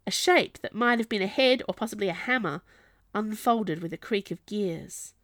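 A woman reading a story aloud as narrator, in an expressive, lively storytelling manner. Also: medium pitch, normal speed, no room sound, studio quality. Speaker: audiobook narrator. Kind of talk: scripted narration.

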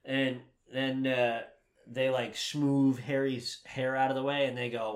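A man in casual chat, recapping a film with animated, exasperated, sweary ranting. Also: medium pitch, measured pace. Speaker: podcast co-host recapping a film. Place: home room, packing to move.

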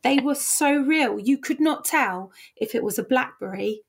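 High gravelly enthusiastic woman host. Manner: enthusiastic, quick reactions. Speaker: podcast host. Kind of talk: casual interview chat.

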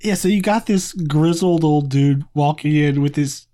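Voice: mid-range voice, unhurried, mellow. A podcast co-host in a casual review chat, talking in a chatty, rambling way with many asides.

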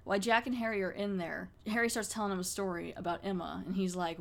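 A woman's voice: medium pitch, brisk, vocal fry, few pauses. Chatty woman podcast host. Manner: rambling, chatty, laughs as she recaps. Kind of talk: casual episode recap.

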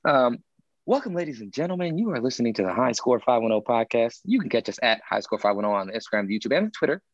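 A man hosting a podcast who talks fast and upbeat, with lively swings in pitch. His voice has a gravelly edge and sounds dry and close. Faint music plays behind him. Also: no room sound, highs cut off. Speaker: podcast host. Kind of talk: casual podcast chat.

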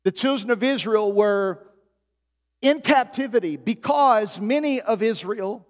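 A man's voice: high-pitched, unhurried, big-room sound. A man preaching a sermon as pastor, telling stories and building to emphatic peaks. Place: church sanctuary.

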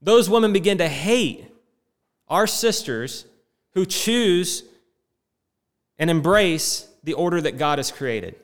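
A man's voice: sits high, lively intonation, takes it slowly, pauses often. Impassioned male preacher in a reverberant hall. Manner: impassioned, rising and falling preaching delivery. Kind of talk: sermon.

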